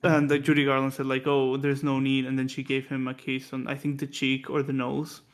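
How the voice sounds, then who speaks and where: A man's voice: medium pitch, monotone, a little fast. A man co-hosting a casual film discussion podcast, telling production stories in a chatty way with many restarts and fillers. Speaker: podcast co-host.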